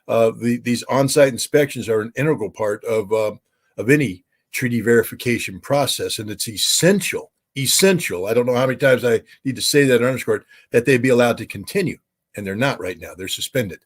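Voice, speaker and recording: A man's voice: medium pitch, fairly quick. An American man, a former weapons inspector, giving interview commentary, emphatic with many fillers and restarts.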